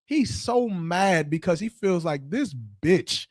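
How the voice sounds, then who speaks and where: A man with a fairly high voice talks through a casual podcast chat. He lays out his point like a sermon and slips into other people's voices to act out a story. The sound is close and dry, with no room in it. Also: animated, slow pace, darkish tone, no room sound. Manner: preachy, acts out quoted voices. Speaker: podcast co-host.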